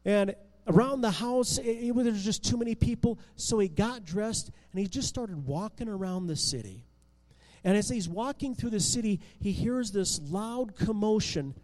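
A male storyteller with a high voice recounts a Bible story with lively drama, stumbling into restarts and rising and falling in loudness. His voice carries a long reverb. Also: normal speed. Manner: expressive, with restarts and swings in loudness.

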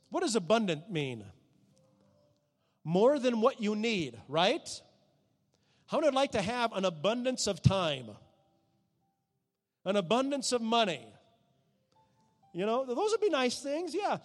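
A man preaching a sermon, moving between soft, hushed prayer and loud, emphatic declarations. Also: very high voice, sing-song, a little slow, pauses often, long reverb tail.

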